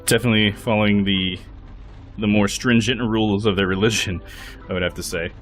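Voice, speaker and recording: A man's voice: fairly low pitch, steady tone, fairly quick, fairly bright tone, a little hiss or hum. A man streaming a live game playthrough, thinking aloud, laughing often and hedging his opinions.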